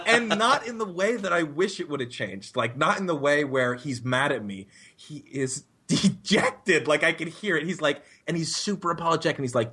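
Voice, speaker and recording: A man on a podcast telling a story in a casual, animated way, swearing and often laughing. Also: fairly high pitch, brisk, hardly any pauses, husky. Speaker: podcast co-host.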